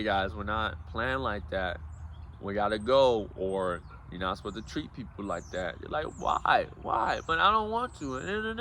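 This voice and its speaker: A man's voice: lowish voice, pushed and bright, slight background noise. A man giving a casual, preachy motivational talk, calling his listeners guys and bro. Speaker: self-help speaker.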